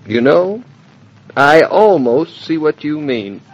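An actor playing a dry, teasing, affectionate young husband in a 1940s-style radio drama. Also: male voice, fairly high pitch, very animated, takes it slowly, loud music behind the voice, full character voice. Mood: fond. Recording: dull old radio recording.

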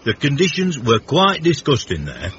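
A pompous, drawling posh brother. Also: male voice, fairly high pitch, huge pitch swings, moderate pace, a bit bright, a little hiss or hum. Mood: affected, snobbish. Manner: affected, drawling, self-pitying. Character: pompous posh man, brother of a union leader. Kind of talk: radio comedy acting. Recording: dull old radio broadcast.

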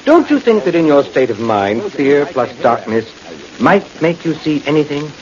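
A man playing a skeptical family doctor in 1940s radio acting, calmly reasoning and probing with questions. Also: a little high, moderate pace, crowd noise. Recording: dull old radio recording with faint hiss.

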